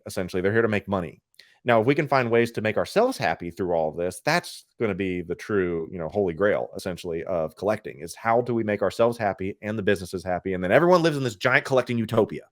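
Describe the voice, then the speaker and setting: An opinionated man chats casually on a podcast with a mid-pitched voice. His intonation swings widely up and down, and the sound is dry and close. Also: dry recording. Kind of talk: casual chat.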